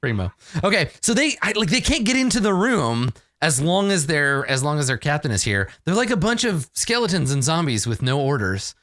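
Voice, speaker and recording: Male game master, animated pitch, dry close mic, chatty and quick to laugh. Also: no echo. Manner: lively, laughing, filler-heavy narration. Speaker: dungeon master. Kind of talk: narrating a tabletop game.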